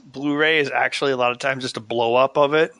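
A man chatting casually as a podcast co-host, quick and quippy, often asking questions. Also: medium pitch, steady tone, bright, forceful tone, no echo, studio quality. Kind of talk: casual chat.

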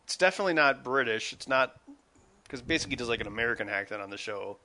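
A man in casual conversation about video games, talking in an animated, halting way. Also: mid-range voice. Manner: animated, halting, restarts often.

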